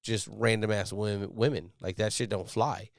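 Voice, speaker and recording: A man's voice: lowish voice, fairly even intonation, normal speed, creaky, dry recording, clean studio sound. A man in his thirties hosting a casual live show, talking bluntly with lots of swearing and restarts. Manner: blunt, profane, rambling with many restarts. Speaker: podcast host, Navy sailor. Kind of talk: casual live-stream talk.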